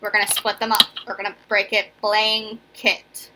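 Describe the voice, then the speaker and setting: Speaking at a normal pace, a young woman who teaches elementary school runs an informal video phonics lesson, warm and chatty, checking in with "right?" and "okay?" often. Her mid-range voice is flat in delivery with a sharp tone.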